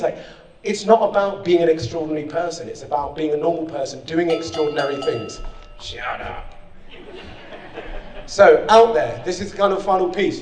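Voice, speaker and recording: A man's voice: fairly high pitch, recorded from a distance. A man giving a rousing motivational speech at a conference, speaking straight to the audience. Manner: energetic, rousing, direct to the audience. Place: conference hall. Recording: echoey hall, speaker off-mic.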